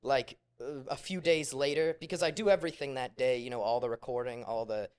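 A man's voice: medium pitch, fairly even intonation, a little fast, clear, resonant tone. A man guesting on a podcast, telling rambling stories full of fillers on a couch in a rented living room. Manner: rambling storyteller, lots of fillers. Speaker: podcast guest, gaming video creator. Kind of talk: casual podcast chat.

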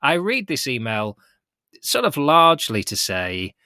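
Male podcast host, bright edge, low-set but lively pitch, wry mock-indignation, dry mic. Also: unhurried, no echo. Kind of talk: casual podcast chat.

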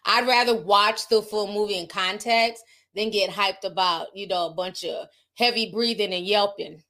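A woman's voice: mid-range voice, fairly even intonation, normal speed, bright, forceful tone. A woman with a Southern US accent hosts a casual celebrity gossip livestream, reading viewer comments and giving candid opinions. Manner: chatty, candid, laughs often, reacts to viewer comments. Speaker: livestream host reading chat.

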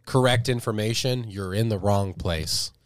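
Male co-host, fast comic banter, dry close sound. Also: lowish voice, smooth, no echo. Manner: quick, joking banter with frequent laughs. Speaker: podcast co-host. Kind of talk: casual comedy podcast chat.

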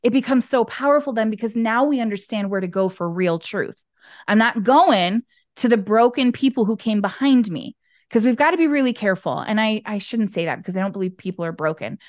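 A woman guest talking candidly in an interview over a video call, expressive and acting out the voices she quotes. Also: mid-range voice, fairly quick, no room sound, studio quality. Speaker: podcast guest, intuitive business owner. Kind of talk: candid conversational interview talk.

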